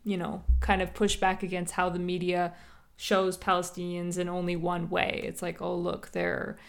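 A woman's voice: lowish voice, monotone, normal speed, creaky. A woman hosting a podcast, chatting casually and explaining a topic with lots of fillers and asides. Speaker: podcast host.

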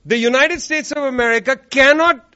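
High-voiced sarcastic man giving a speech. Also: moderate pace, pushed and bright. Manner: sarcastic, emphatic, repeats lines for effect. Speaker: speaker at an activist event. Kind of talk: political speech to a live audience. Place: room with an audience. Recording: dull lo-fi recording.

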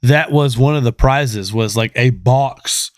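A man in casual podcast talk, rambling on and making fun of himself. His pitch is middling and the sound is dry and close to the mic. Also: slow, dry recording. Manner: rambling, self-mocking. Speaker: podcast co-host. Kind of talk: casual chat.

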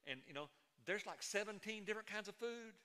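Pastor guy preaching, folksy storytelling, bright voice, big echoey church. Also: high voice, animated, fairly quick, clear, resonant tone. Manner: folksy storytelling, rising to emphatic proclamation. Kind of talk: sermon.

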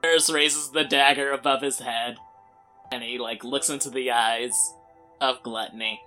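Male player, casual talk, bright voice, faint music. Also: medium pitch, fairly even intonation, normal speed. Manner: casual, with frequent "like". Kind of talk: playing a tabletop game.

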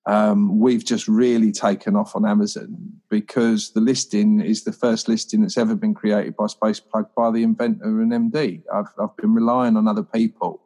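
A man's voice: on the low side, flat delivery, normal speed, hardly any pauses, dark tone. A man, an inventor guest on a podcast, talking earnestly with frequent restarts. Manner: earnest, self-correcting, lots of ums and repeated starts. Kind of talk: casual chat.

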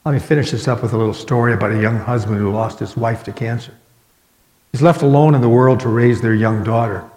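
A pastor delivers his sermon in an earnest voice of middling pitch, leaning on dramatic pauses. The sound rings around a large room, with a long reverb tail behind every phrase. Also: a little mellow. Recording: echoey hall with long reverb.

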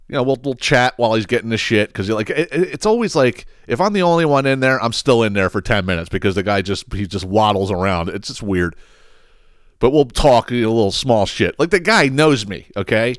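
A man's voice: on the low side, no room sound, studio quality. A man hosting a podcast, telling a rambling, profane story in a casual monologue and laughing as he goes. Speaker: podcast host.

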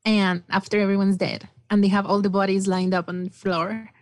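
A woman's voice: medium pitch, level tone, fairly quick, no room sound. A woman guest chatting casually about a film, enthusiastic and rambling with many fillers. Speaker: podcast guest.

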